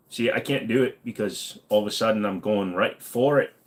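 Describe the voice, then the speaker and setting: A man hosting a livestream, answering chat in a casual, blunt manner. He swears freely and slips into rants. His voice sits at an ordinary middle pitch. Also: fairly quick, hardly any pauses. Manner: blunt, profane, ranting. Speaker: livestream host reading chat.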